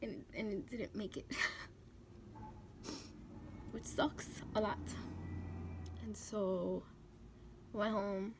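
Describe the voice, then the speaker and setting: A young woman talking through her tears while doing her makeup on camera, halting and restarting often. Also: mid-range voice, fairly even intonation, noisy background. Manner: tearful, halting, many restarts and fillers. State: close to tears. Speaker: beauty vlogger. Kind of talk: emotional talk during a makeup tutorial.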